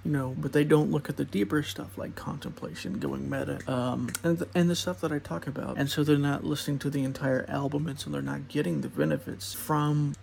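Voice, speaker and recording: A young man talks through spiritual ideas in a loose, rambling podcast monologue, now and then laughing and slipping into quick put-on voices. His voice is heavily gravelly and sits slightly high for a man. A faint noise runs under the recording. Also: darkish tone. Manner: rambling, laughs at his own points, acts out the mind's voice. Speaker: podcast host.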